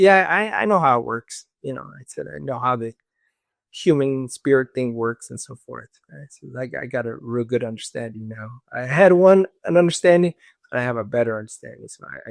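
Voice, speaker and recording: A man's voice: medium pitch, creaky, no echo, clean studio sound. A man telling a personal story in casual conversation, acting out the voices of others with fillers like "this and that". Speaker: guest.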